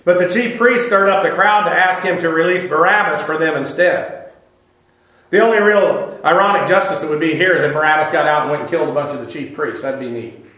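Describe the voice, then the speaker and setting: A man with a high voice teaches a Bible sermon in a loose, conversational way. He drops filler "uh"s and slips into dry, sarcastic asides. His voice rings through a very echoey room. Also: brisk, bright, forceful tone. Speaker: preacher.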